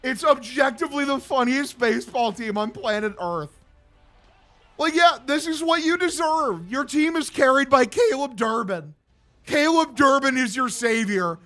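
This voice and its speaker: A man ranting sarcastically on a live stream, laughing and swearing, now and then bursting into shouts. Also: extremely high pitch, normal speed, soft background music. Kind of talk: live-stream reaction rant.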